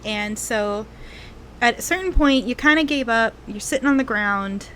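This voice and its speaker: A woman game master narrating a tabletop role-playing game, telling the story unhurriedly with frequent ums and pauses. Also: a little high, fairly bright tone, slight background noise.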